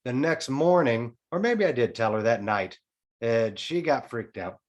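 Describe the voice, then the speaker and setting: A man's voice: medium pitch, measured pace. A man in his forties, a podcast guest telling a personal story in casual chat, frank and often swearing. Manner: frank, swears freely, tells a story in a lively way.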